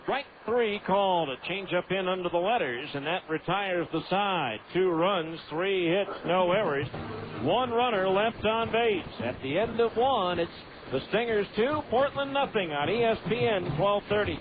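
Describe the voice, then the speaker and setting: A man calling a baseball game on the radio in steady play-by-play, full of stats. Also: high-pitched, normal speed. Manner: steady, stat-heavy narration. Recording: tinny AM radio broadcast with faint hiss.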